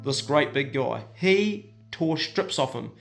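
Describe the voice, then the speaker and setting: A man's voice: a little high, animated, takes it slowly, creaky. A man telling a story in a rambling, colloquial way. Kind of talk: casual spoken storytelling. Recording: loud guitar music behind.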